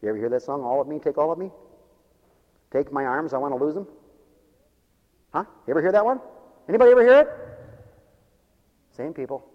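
High-voiced preacher guy, folksy and jokey, asks for amens, long church hall echo. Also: lively intonation, a little fast, pauses often, dull audio. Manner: folksy, joking, calls for amens. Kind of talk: humorous revival sermon.

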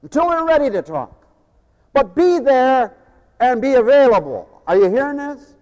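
A man with a fairly high voice delivers a sermon to his congregation. He swings from emphatic, raised phrases down to quiet, personal storytelling. The recording is a dull, lo-fi tape, with long reverb from the hall. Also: very animated, a little fast. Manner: emphatic preaching, rising pitch on key phrases, quieter storytelling asides. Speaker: preacher.

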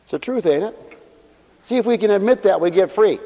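A man preaching as a pastor, folksy and animated, acting out little voices as he talks. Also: high-pitched, a little fast, pauses often. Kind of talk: sermon. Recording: dull hall recording with long reverb.

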